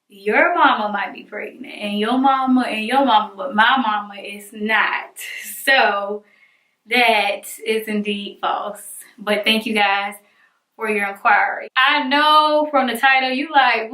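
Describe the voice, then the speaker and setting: Young woman vlogger, bright and slightly high, dramatic storyteller; echoey room. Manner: animated, dramatic retelling with acted-out voices. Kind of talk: storytelling vlog.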